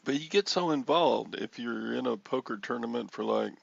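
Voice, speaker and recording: An older man hosting a casual chat, telling a rambling story with chuckles and excited bursts. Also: mid-range voice, normal speed, gravelly, husky, no echo, dull audio. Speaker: host. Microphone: headphones with mic.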